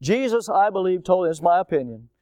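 A man's voice: on the high side, animated, moderate pace, warm tone, no room sound. A male pastor preaching a sermon, posing rhetorical questions and repeating key words for emphasis, then leading a prayer. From United States.

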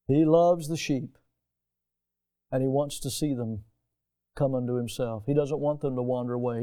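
A man from the United States preaching a sermon as pastor, emphatic, swinging between hushed, tender passages and loud, high exclamations. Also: clear, resonant tone.

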